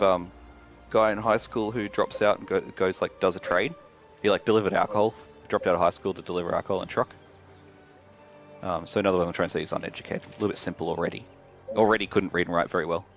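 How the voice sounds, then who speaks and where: A man's voice: sits low, fairly bright tone, low-quality recording. A man streaming a game with friends, telling rambling, swear-filled stories in casual chat. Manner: rambling anecdotes, frequent swearing. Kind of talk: casual chat while gaming.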